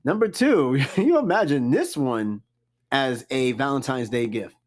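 A man hosting a casual solo podcast, reading out a list and reacting with loud, profane, joking comments. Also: medium pitch, a little slow. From New York. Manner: animated, cussing, jokey reactions to a list. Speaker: podcast host.

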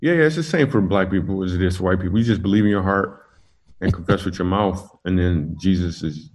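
A man with a fairly low voice recounts his own stories in a relaxed interview. He is animated and jokey, and he laughs along with his own punchlines as he goes. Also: a little fast. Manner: animated storyteller, laughs through his jokes. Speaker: comedian guest. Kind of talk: casual interview storytelling.

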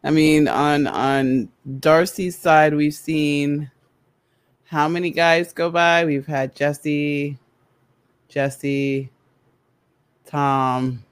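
A podcast co-host chatting casually about reality TV, deadpan and halting, searching for words. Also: medium pitch, clear, resonant tone, dry recording.

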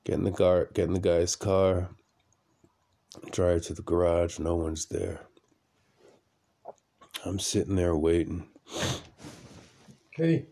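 A man's voice: low voice, flat delivery, a little slow, warm tone. A man podcasting from a room at home at night, telling a long story in a rambling, blunt way and repeating phrases for effect. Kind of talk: casual storytelling monologue.

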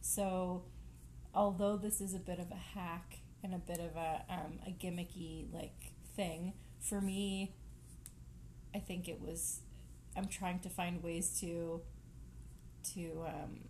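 A woman co-hosting a casual home podcast, chatty and quick to laugh, trailing off into fillers. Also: on the low side, little pitch movement, warm tone, a little hiss or hum. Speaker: podcast co-host. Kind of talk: casual chat.

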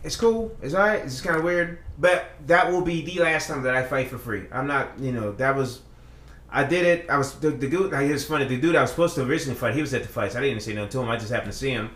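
A man's voice: medium pitch, racing, fairly bright tone, roomy sound. A man on a casual podcast, telling a long story in a rambling, profane way with many restarts. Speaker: podcast co-host.

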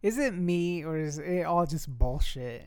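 A man's voice: fairly high pitch, lively intonation, measured pace, a little mellow, smooth. A man in his thirties chatting casually with a friend, grumbling and swearing about everything new. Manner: grumbling, profane. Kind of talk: casual chat.

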